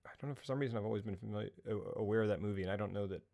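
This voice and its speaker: Gravelly man cracking goofy jokes. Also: lowish voice, racing, mellow. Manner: goofy, crude jokes, laughs a lot. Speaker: podcast co-host. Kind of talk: casual film podcast chat.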